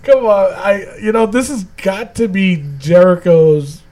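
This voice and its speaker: A man's voice: high-pitched, expressive, unhurried, a little mellow. A man hosting a casual wrestling recap chat, rambling and laughing often as he talks. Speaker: podcast host.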